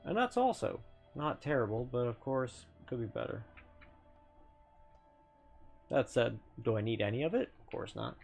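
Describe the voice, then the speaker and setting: A man's voice: medium pitch, big pitch swings, moderate pace, gravelly, pauses often, a little mellow, soft background music. A man streamer giving casual gameplay commentary in a chatty, playful way, with lots of self-correcting asides.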